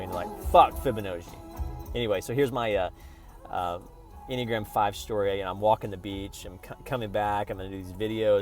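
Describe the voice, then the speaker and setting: Rambling low-voiced man vlogging. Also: darkish tone. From Oklahoma. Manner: rambling, full of restarts and fillers, playful. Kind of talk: casual rambling travelogue monologue.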